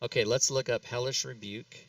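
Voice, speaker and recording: Bright-voiced man hosting, mic a bit distant. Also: medium pitch, fairly even intonation, brisk, no room sound. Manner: rambling, laughs often, talks himself through steps. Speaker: talk show host. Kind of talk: casual chat while working in game software.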